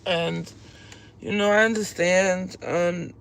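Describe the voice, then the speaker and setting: Gravelly, tearful woman venting on a livestream. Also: fairly low pitch, steady tone, slow, a little hiss or hum. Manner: upset, tearful, rambling confessional. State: on the verge of tears. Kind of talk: emotional live-stream venting. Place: at work.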